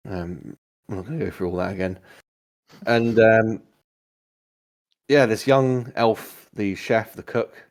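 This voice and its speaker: A man narrating as game master of a tabletop role-playing game, relaxed, with frequent ums and self-mocking laughs. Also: lowish voice.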